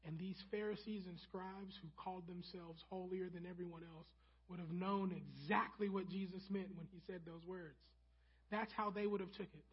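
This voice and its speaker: A preacher delivering a sermon, emphatic and repetitive for stress, softening when quoting scripture. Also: medium pitch, steady tone, moderate pace, husky, lo-fi sound. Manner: emphatic, repeats key phrases for stress.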